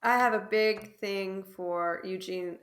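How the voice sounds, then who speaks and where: A woman's voice: medium pitch, steady tone, slow. A woman who is a guest on a podcast, chatting casually and hesitantly. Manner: hesitant, full of fillers and restarts. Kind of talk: casual chat.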